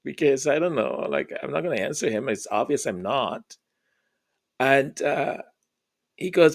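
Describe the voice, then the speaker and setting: A man telling a personal story, halting and repeating words in an earnest way. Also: mid-range voice, lively intonation, creaky.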